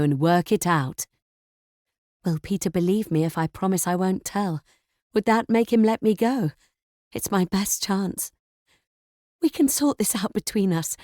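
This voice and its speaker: A woman narrating a thriller audiobook in first person, tense and measured. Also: medium pitch, dark tone, no room sound, clean studio sound.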